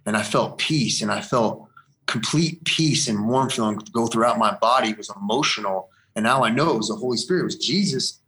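A man's voice: medium pitch, fairly quick, a bit bright. A man giving a personal faith testimony as an interview guest, earnest and rambling, repeating phrases for emphasis.

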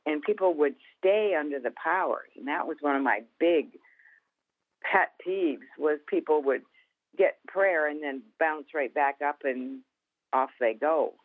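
A woman, a guest author and minister, telling stories in a folksy, animated way during a Christian interview. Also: low-pitched, unhurried. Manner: animated storyteller, folksy, laughs easily. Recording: tinny phone-like sound.

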